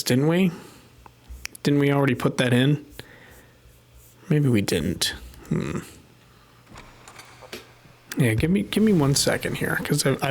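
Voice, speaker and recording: A man live-streaming a puzzle game, thinking aloud and muttering to himself as he works things out at his desk microphone. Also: mid-range voice. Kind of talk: casual live-stream commentary while gaming.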